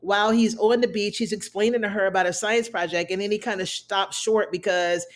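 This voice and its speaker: A woman's voice: mid-range voice, fairly even intonation, a little fast. A woman hosting a casual recap, chatting about scenes and acting out the lines. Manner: chatty, retells scenes with acted quotes. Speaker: TV recap host.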